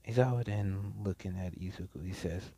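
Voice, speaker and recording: A man's voice: low voice, a little fast, warm tone, husky, dry recording. A man casually narrating a fan story, rambling along with frequent restarts.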